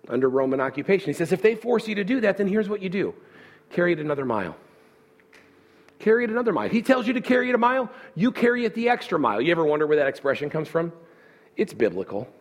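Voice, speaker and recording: A man preaching a sermon with animated delivery who voices the listeners' objections as questions. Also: a little high. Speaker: pastor.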